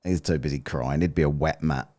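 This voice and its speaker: A man's voice: a bass voice, brisk, mellow. A British man hosting a live stream, joking bluntly and swearing casually as he reads viewer messages. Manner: jokey, blunt and sweary, with exaggerated mock voices. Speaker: live stream host reading super chats.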